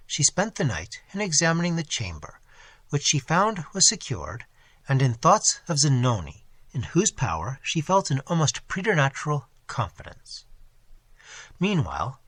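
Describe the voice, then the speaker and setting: Husky, expressive male audiobook narrator. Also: on the high side, no room sound. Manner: expressive, dramatic reading. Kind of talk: scripted narration of a classic novel.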